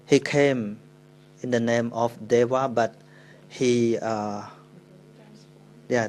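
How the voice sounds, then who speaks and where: A monk with a Cambodian accent, a native Khmer speaker, giving a dharma talk in halting English, telling a story with pauses and self-corrections. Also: male voice, medium pitch, rough recording.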